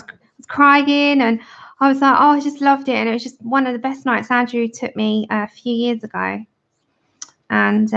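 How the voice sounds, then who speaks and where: A slightly high, creaky, somewhat bright voice belongs to a woman in her thirties hosting a colouring livestream. She chats and giggles while demonstrating for viewers and reads out their comments, all in dull, lo-fi stream audio.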